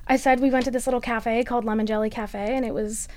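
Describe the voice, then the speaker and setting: A woman's voice: fairly high pitch, fairly even intonation, fast talker, a little mellow, no room sound. A young woman and college student, chatting animatedly through a personal story for a podcast, with lots of "like". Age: young adult. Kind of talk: storytelling interview.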